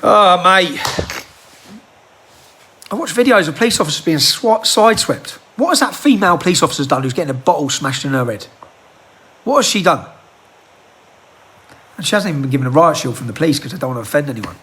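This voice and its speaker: A man's voice: fairly high pitch, expressive, fast talker, fairly bright tone. A man, delivering a heated rant full of rhetorical questions into a handheld phone. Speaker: political commentator. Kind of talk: impassioned monologue to camera.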